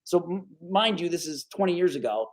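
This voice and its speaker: In a brisk, high-pitched voice, a forties-aged sportscaster from New York's Capital Region recounts stories as a podcast guest in a casual interview. He's animated and acts out what others said, peppering his talk with "dude" and "right?"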